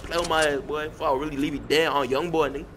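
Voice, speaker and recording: A man's voice: on the high side, fairly even intonation, quick pace, noisy background, pitched below the performer's own voice, close to an everyday voice. A man putting on a swaggering, profane wannabe street gangster as a prank in online game voice chat. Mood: boastful. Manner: swaggering, profane trash talk. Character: tough-talking wannabe street gangster, young man, cocky.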